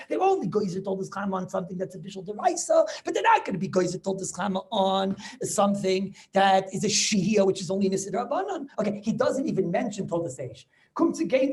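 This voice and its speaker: A man teaching a Talmud class over a video call, animated and full of rhetorical questions, mixing Yiddish and Hebrew terms into his talk. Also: high voice. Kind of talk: lively Torah lesson over video call.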